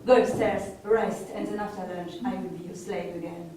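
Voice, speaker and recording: A woman's voice: medium pitch, fairly even intonation, normal speed, natural voice. Woman voicing a stern maid, clipped, distant echoey mic, heavy noise. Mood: commanding. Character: stern foreign maid, cool and scheming. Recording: far echoey, loud noise.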